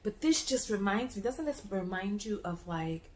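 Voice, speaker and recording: A woman's voice: mid-range voice, moderate pace, roomy sound, a little hiss or hum. Chatty American woman vlogger. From United States. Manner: animated storyteller with many restarts and repeated words. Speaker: travel vlogger. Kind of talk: casual vlog chat to camera.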